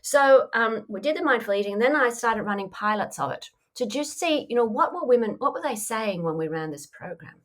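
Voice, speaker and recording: A woman's voice: a little high, animated, fairly quick, hardly any pauses, fairly bright tone. A woman coach answering interview questions in a reflective, conversational way, often saying "you know". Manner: reflective, acts out inner voices in quotes, frequent "you know". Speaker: mindfulness coach, podcast guest.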